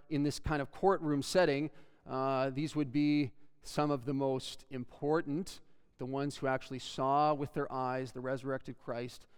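A man's voice: medium pitch, clean tone. Man preaching in a reverberant hall. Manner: earnest preaching, reads scripture aloud with rising emphasis. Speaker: pastor. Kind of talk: sermon.

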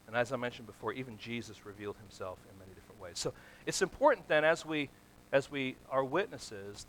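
A man preaching a sermon, asking the congregation questions and growing louder and more emphatic as he goes. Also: medium pitch, slight background noise, poor audio. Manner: asks the congregation questions and answers them; builds from quiet to loud and emphatic.

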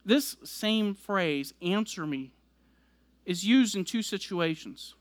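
A man's voice: high voice, expressive, slow pace, no room sound. A man preaching a sermon, explaining scripture verse by verse and building emphasis as he goes. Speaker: pastor.

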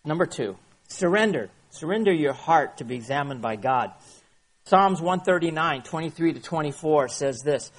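Male pastor, sermon delivery, husky edge, dramatic shifts between loud points and soft asides. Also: fairly high pitch, moderate pace. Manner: animated, swings from loud emphasis to quiet asides.

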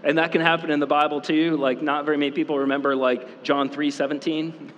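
A man preaching a sermon as pastor, talking casually with many fillers and quick asides. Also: on the high side, little pitch movement, fairly bright tone, lo-fi sound, a little hiss or hum. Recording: long reverb in a hall.

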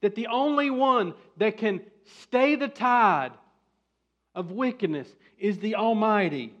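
A man preaching a sermon as pastor, building to emphatic, forceful bursts. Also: high-pitched, expressive, slow pace, muffled recording.

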